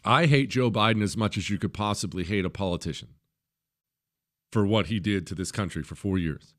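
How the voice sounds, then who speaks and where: A middle-aged man hosting a talk radio show, delivering an emphatic, opinionated monologue and jumping into high mocking voices when he quotes others. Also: a little fast, fairly bright tone.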